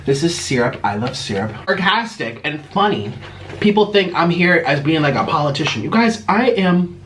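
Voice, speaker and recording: A man's voice: fairly high pitch, a bit bright, slight background noise. A man who talks casually to the camera as he eats, naming each dish, humming and moaning over the food. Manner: chatty, talks while eating, moans and hums over food. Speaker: mukbang video creator. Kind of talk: casual eating video talk.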